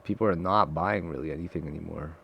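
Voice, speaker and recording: A man giving live trading commentary to his viewers, excitable and profane, swinging from loud frustrated outbursts to low muttering. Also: fast, creaky, slight background noise. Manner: talks straight to viewers, calling them guys. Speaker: day trader streaming live trades.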